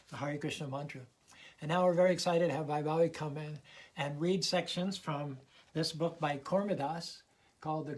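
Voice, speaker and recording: An older man hosting a show, reading aloud from a book in an unhurried, hesitant way with many fillers and restarts. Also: a little high, rough recording. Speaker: show host.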